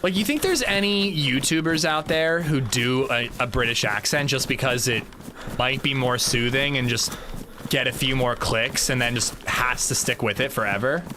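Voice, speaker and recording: A man's voice: mid-range voice, normal speed, background noise. An American man streaming a game, chatting and joking as he answers his chat. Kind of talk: casual gaming livestream chat.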